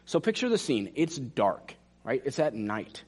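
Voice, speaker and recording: A man preaches to his congregation, his voice leaping up and down with lively expression. He talks straight to the listeners, then drops to hushed asides for emphasis. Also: mid-range voice, measured pace, slightly rough. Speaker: pastor. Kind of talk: sermon.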